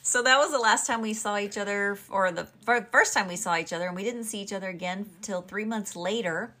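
A woman's voice: medium pitch, a little fast, bright, forceful tone. A middle-aged woman co-hosting a podcast in casual conversation. She is bubbly, jumps in with her side of the story, and laughs freely. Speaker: podcast co-host.

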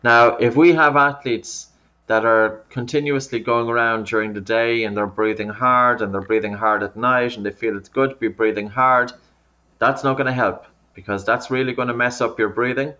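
A man speaks in a medium, everyday pitch, patiently explaining things step by step. He often restarts and repeats words as he goes. His voice comes through remote call audio. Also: fairly even intonation, normal speed, pushed and bright, highs cut off. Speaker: breathing coach. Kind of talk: interview, explaining.

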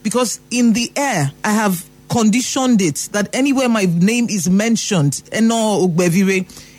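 A Nigerian man giving an emphatic motivational talk, repeating phrases for emphasis. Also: extremely high pitch. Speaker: motivational speaker.

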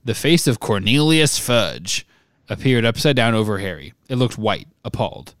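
A podcast host reading a book chapter aloud in measured, even narration. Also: male voice, fairly low pitch, no echo, clean studio sound.

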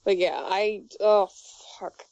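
A woman's voice: mid-range voice, fairly even intonation, slow pace, a little mellow, no room sound. A woman in her twenties chatting casually, rambling with restarts and swearing. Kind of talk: casual chat. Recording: muffled dry recording.

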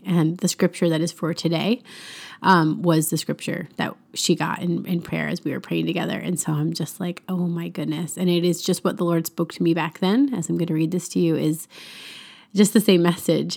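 A woman hosting a devotional podcast, talking in an earnest, chatty way with soft laughs. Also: lowish voice, vocal fry. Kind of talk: casual faith podcast talk.

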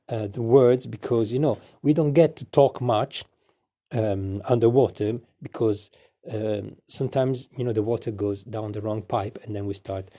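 A man's voice: medium pitch, dark tone. A man telling a playful, digressive story as a chatty male parrot narrator, rambling with many fillers and restarts.

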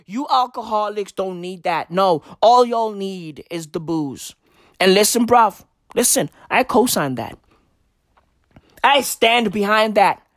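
Slow, sarcastic woman ranting in slang. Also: mid-range voice, no echo, studio quality. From South Africa. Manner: mock-serious, heavy street slang, profanity. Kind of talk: sarcastic comedic rant.

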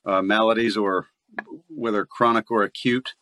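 A man's voice: on the low side, fairly even intonation, moderate pace, pushed and bright. An American man, a voice actor, chatting casually in an interview, laughing often and restarting sentences. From United States. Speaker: voice actor guest.

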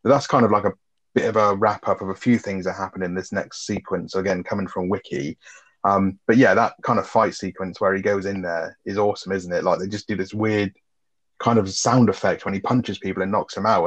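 Heard in a dull lo-fi recording, a man co-hosting a film review podcast speaks a little fast in a low-pitched voice with fairly even intonation. He's laid-back, swears freely, and recaps the plot in casual chat.

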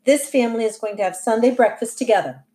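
A woman's voice: a little high, quick pace, warm tone, natural voice. A woman reading aloud, voicing a stern, determined suburban mother who speaks in clipped, firm lines.

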